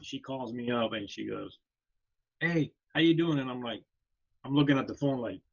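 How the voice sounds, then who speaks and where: A man's voice: mid-range voice, a little fast, gravelly, muffled recording. A man co-hosting a casual podcast chat, talking loosely with many fillers. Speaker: podcast co-host.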